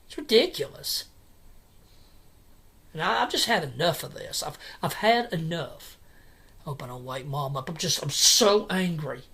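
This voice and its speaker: A man's voice: on the high side, very animated, fairly bright tone, breathy edge. Agitated man ranting at home. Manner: agitated, repetitive, halting restarts. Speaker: vlogger. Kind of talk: angry personal vlog rant. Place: home at night.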